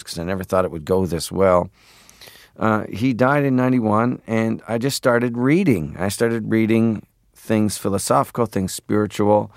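A man's voice: fairly low pitch, dry recording, clean studio sound. A man from Canada, a film guest, telling reflective stories in an interview and slipping into impressions. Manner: reflective, animated, slips into impressions. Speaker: guest, filmmaker.

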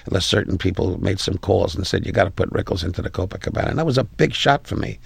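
An older man in his eighties with a New York accent, a comedian telling brash stories in an interview and getting loud at the punchlines. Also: deep voice, expressive, fast talker, no room sound. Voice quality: gravelly. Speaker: comedian guest. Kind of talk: interview anecdotes.

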